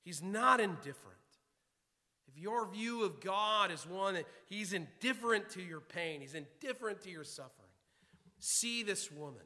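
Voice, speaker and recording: A man's voice: sits high, lively intonation, moderate pace, bright, forceful tone. A man preaching a sermon to his congregation, emphatic and repetitive, often restarting his words. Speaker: pastor. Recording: long hall reverb.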